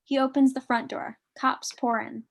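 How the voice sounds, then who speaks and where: A woman reading the stage directions in a live online script reading, clear and steady. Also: sits high, normal speed. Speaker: narrator of the stage directions and co-host.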